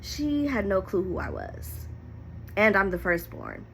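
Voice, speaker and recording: A woman with a bright, forceful voice shares a painful personal story to camera. She talks candidly and animatedly, fighting back tears at moments. Her delivery is vivid and heartfelt. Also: mid-range voice, measured pace, vocal fry, a little hiss or hum. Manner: emotional, candid, animated retelling. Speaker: storyteller vlogger.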